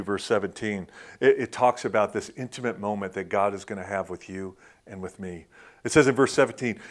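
A man preaching a sermon in a conversational way, often dropping into soft, intimate tones and saying "man". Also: fairly low pitch. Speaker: pastor.

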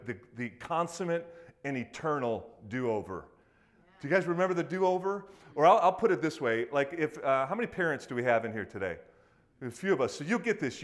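Guy preaching a sermon, super casual and animated, acts out little quotes. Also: a little high. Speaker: pastor.

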